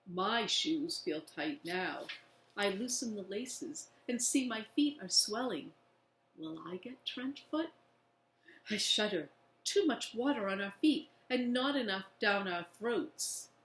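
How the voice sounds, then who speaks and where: A woman reads a children's book aloud at a slow, expressive pace. Her voice sits at a middle pitch, and the room around her echoes. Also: a little hiss or hum. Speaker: reader.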